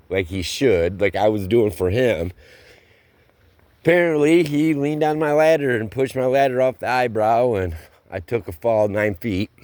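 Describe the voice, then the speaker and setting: A man's voice: mid-range voice, darkish tone, no room sound. A man telling a casual, rambling story from his roofing work, with plain everyday slang. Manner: slow, rambling delivery with plain spoken slang.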